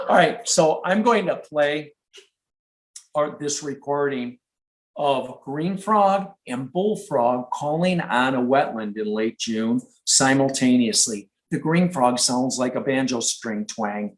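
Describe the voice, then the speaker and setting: A man's voice: mid-range voice, lively intonation, slow pace, low-quality recording. Chatty man imitating frog calls. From Michigan. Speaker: nature educator. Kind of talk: live presentation.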